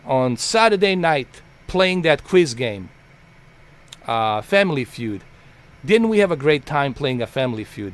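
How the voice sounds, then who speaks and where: A man streaming live and ranting at his chat in a heated, blunt, profane way, repeating himself for emphasis. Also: fairly high pitch.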